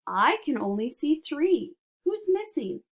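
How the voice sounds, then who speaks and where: A woman's voice: high-pitched, very animated, measured pace, voice pushed up. Woman reader voicing a curious, eager boy; light and raised.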